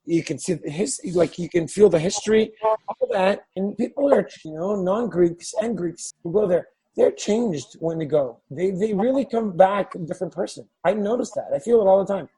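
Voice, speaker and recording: A man's voice: sits high, expressive, normal speed, warm tone, slightly rough, rough recording. A man from Canada, a guest author and filmmaker, telling stories in a chatty, enthusiastic way with casual swearing. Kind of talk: casual podcast conversation.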